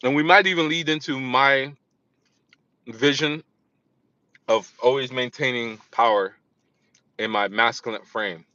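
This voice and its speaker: Guy rambling to camera, bright edgy voice, dull lo-fi dry sound, keeps restarting sentences. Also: medium pitch, a little slow, pauses often, no room sound. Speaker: vlogger. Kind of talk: casual monologue.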